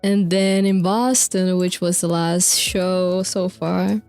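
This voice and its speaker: A woman's voice: fairly low pitch, steady tone, slow pace, darkish tone, smooth, faint music behind. Laid-back young woman rambling with giggles. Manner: rambling, swears, laughs often, filler-heavy. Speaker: streamer recapping a band's concert lore. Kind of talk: casual chat over video clips.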